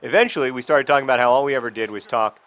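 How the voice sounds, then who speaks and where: A man's voice: mid-range voice, racing, fairly bright tone. A man chatting casually about his past while playing a video game, rambling and breaking off into frustrated outbursts at the game. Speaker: video blogger.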